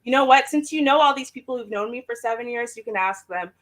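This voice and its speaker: A woman host pushes back in a heated debate, firing sharp questions and dry sarcasm. Her voice is high and very bright, with a clear, pointed edge. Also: fast.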